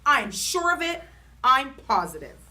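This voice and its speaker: A woman voicing a loud, excitable first-grade girl who shrieks and carries on dramatically. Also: high-pitched, moderate pace, pitched above the performer's own voice, heavily acted. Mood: insistent.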